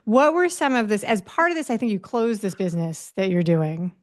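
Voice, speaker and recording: A woman's voice: medium pitch, very animated, a little fast. A woman hosting a podcast interview, asking long, winding questions full of restarts. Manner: rambling questions with many restarts. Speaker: podcast host.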